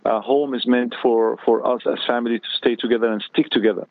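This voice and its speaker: A man's voice: mid-range voice, steady tone, fairly quick, creaky, no room sound. A man giving earnest religious advice as a guest on a radio show, hesitating often as he speaks. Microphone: phone. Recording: tinny phone line.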